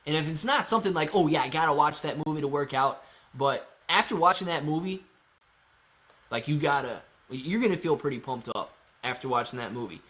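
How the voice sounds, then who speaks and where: A man's voice: fairly high pitch, expressive, brisk, a bit bright. A man hosting a casual livestream, reading viewer comments aloud and answering them in a playful, joking way. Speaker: livestream host.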